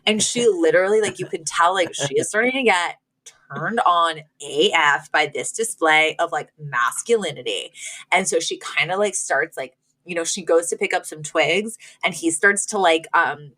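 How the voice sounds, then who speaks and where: A woman's voice: on the low side, normal speed, pushed and bright. A woman co-hosting a podcast, recapping an episode in casual chat, full of fillers and laughs. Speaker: podcast co-host.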